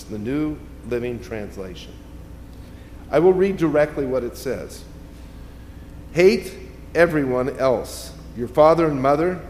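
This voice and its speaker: A man preaching a sermon, his delivery rising to loud, emphatic peaks and dropping to quiet, hushed asides. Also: fairly high pitch. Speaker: pastor. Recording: long reverb, faint ambient noise.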